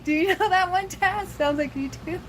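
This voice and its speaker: A woman's voice: extremely high pitch, moderate pace, noisy background. A young woman hosting a casual livestream, chatting loosely with viewers and laughing often. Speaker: livestream host.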